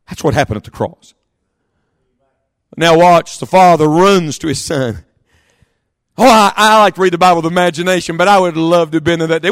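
Impassioned high-voiced male preacher. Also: no echo, clean studio sound. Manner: impassioned, rising to shouts and quick asides. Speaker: pastor. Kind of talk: sermon. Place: church service.

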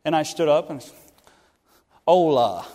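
A middle-aged man preaches in a bright, high voice, telling self-deprecating stories with lively energy. He jumps into other people's lines as he tells them. His voice rings with the long reverb of a large church hall. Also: moderate pace. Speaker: pastor. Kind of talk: sermon storytelling. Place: church sanctuary.

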